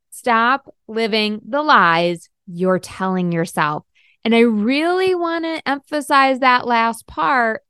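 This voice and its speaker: A middle-aged woman hosting a coaching podcast, upbeat and emphatic, slowing down to stress key points. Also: a little high, no echo, clean studio sound. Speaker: podcast host and life coach. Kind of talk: podcast monologue.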